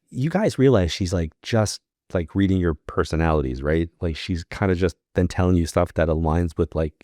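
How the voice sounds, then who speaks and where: A man's voice: deep voice, dry recording, clean studio sound. A man from New York, a podcast guest, telling a long personal story in casual talk and acting out the voices of the people in it. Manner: animated storyteller acting out quoted dialogue. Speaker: podcast guest, psychic medium.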